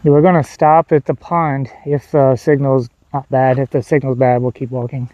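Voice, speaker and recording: A medium-pitched streamer chats at a moderate pace with his viewers during a casual walk outdoors in the country. His manner is relaxed and rambling as he responds to chat, and the recording is dry and muffled.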